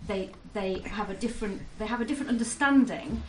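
Woman audience member, halting delivery, off-mic in a reverberant room. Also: mid-range voice, distant mic, noisy background. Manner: hesitant, halting, many restarts. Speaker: audience member asking a question. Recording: roomy sound from off-mic.

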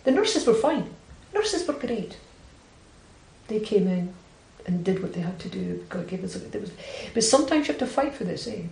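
A Scottish woman who is a Buddhist nun, telling a personal story in conversation with direct, animated delivery that acts out quoted dialogue. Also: medium pitch, moderate pace, creaky, reverberant, low-quality recording.

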